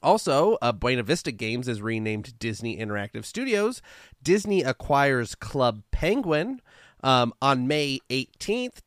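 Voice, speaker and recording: A man's voice: medium pitch, a bit bright, no room sound, clean studio sound. A man co-hosting a casual podcast, laughing at himself and reading out dates and events. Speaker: podcast co-host.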